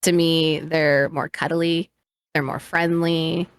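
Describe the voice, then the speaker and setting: A woman's voice: deep voice, flat delivery, slow, smooth, no room sound, clean studio sound. A woman hosting a casual podcast chat, upbeat and chatty. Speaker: podcast host.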